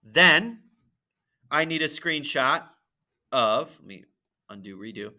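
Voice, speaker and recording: A math teacher walking through a graphing problem on screen, thinking aloud and checking in with "right?" and "okay?". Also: male voice, a little high, expressive, takes it slowly, sharp tone. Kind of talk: screen-recorded lesson walkthrough.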